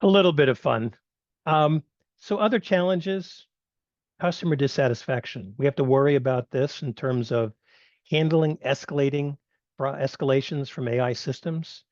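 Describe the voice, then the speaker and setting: A man's voice: medium pitch, moderate pace, a little mellow, no echo, lo-fi sound. A man giving a conversational online presentation with some fillers. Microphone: video call.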